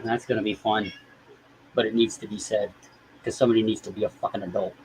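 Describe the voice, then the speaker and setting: A man's voice: fairly low pitch, fairly even intonation, fast talker, a little mellow, slight background noise, rough recording. A man chatting casually on a live stream, rambling and swearing freely as he talks to viewers. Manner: rambling and profane.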